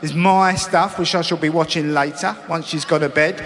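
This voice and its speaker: A middle-aged man doing a cheeky, wry stand-up routine, now and then bursting into shouted impressions. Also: a little high, fairly even intonation, moderate pace. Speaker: stand-up comedian. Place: large comedy venue with live audience. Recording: echoey hall with audience laughter.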